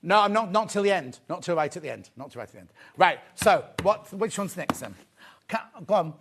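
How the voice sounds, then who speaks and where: A man hosting a live shopping show, chatty and excitable, often repeating his phrases. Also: high-pitched, fairly quick, noisy background. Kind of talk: live sales presentation.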